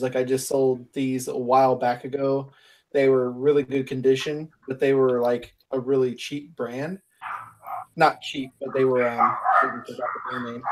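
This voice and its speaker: A man's voice: mid-range voice, a little hiss or hum. A chatty man telling short anecdotes as a reseller panelist on a live video call. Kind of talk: casual live-stream chat.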